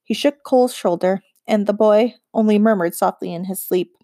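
A woman narrating a children's fantasy novel as an audiobook, in a measured storytelling read. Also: mid-range voice, warm tone, no room sound, clean studio sound. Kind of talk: scripted narration.

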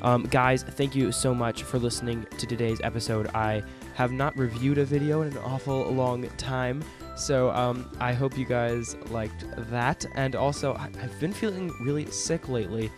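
A man hosting a podcast who has a sore throat, reading listener comments in a relaxed, rambling way. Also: mid-range voice, normal speed, few pauses, music in the background. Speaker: podcast host.

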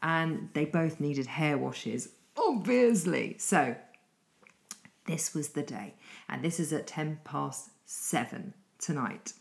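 A middle-aged woman with a British accent retells her chaotic evening in a rambling, breathless way, full of self-deprecating asides. Her voice sits a little low. The room around her rings with noticeable echo. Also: lively intonation, takes it slowly, creaky. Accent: British English. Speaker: coach. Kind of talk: casual storytelling monologue.

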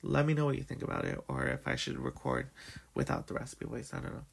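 A young man with a raspy morning voice, telling a story in a casual, chatty way full of "like" and "um". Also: mid-range voice, very animated, fast talker. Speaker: podcast host.

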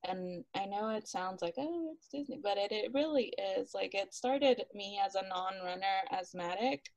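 A talkative woman tells her story as a podcast guest. Her voice has a gravelly fry at the ends of lines, and she laughs often and acts out what people said. The sound is dry and close. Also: mid-range voice, moderate pace, no room sound, poor audio. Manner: animated, laughs often, acts out quotes, many "like" fillers. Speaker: interview guest, runner. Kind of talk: casual storytelling interview.

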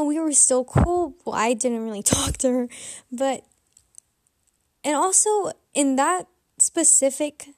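A woman's voice: high-pitched, darkish tone, dry recording, studio quality. A young adult woman telling a candid, rambling personal story in a casual confessional vlog. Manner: candid, rambling, self-reflective. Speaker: vlogger.

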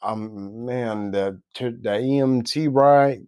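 A man in casual conversation, speaking in halting, brief interjections. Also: medium pitch, a little mellow, clean tone, no echo, studio quality.

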